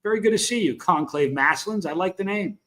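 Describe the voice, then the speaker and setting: Talking fast in a high voice, a middle-aged man with a Southern US accent hosts a casual livestream. He speaks frankly and rambles as he greets viewers in the chat.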